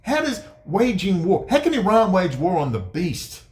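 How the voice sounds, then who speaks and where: A man giving ranting commentary, sarcastic and profane, dropping to low mutters and jumping to high mocking outbursts. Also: sing-song, moderate pace, a little mellow. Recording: echoey room.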